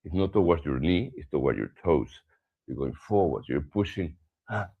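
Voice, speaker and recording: A very deep-voiced man leads a morning stretching class. His cues are calm and instructive, and his voice sinks soft and low when he stresses a word. Now and then he stops on fillers while he explains a point. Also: moderate pace, breathy edge, phone-quality sound. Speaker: yoga and somatic practice teacher.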